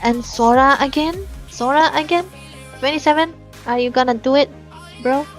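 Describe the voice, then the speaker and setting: A bubbly woman commentating a live esports match, her voice sitting a little high. She talks fast and eagerly, laughing often, with soft music under her. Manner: excitable, giggly, chatty. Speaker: esports caster and analyst.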